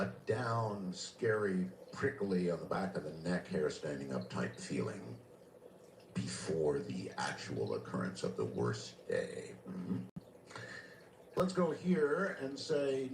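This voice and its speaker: A male radio host taking calls late at night, answering callers with wry quips. His pitch swoops from very low to high. The sound is echoey and a little distant, with faint hiss behind it. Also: vocal fry. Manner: wry, reactive, takes calls. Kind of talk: late-night call-in hosting.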